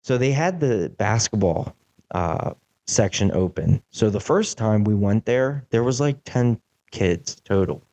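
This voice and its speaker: Young man, podcast host, casual storytelling, mellow low voice, lively, filler words. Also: a little slow. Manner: animated, acts out quotes, many "like" fillers.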